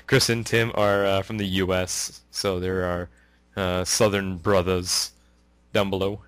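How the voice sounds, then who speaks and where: A man's voice: low-pitched, little pitch movement, slow pace, a bit bright, no room sound. A man from Canada hosting a casual podcast, rambling with many fillers and frequent laughs. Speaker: podcast host.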